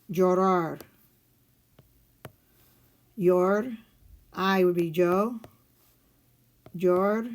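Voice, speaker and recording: Woman teacher, mid pitch, slow and patient, step-by-step walkthrough for a recorded lesson. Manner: step-by-step explaining, asks and answers her own questions. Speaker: Spanish teacher. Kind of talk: recorded video lesson walking through guided notes.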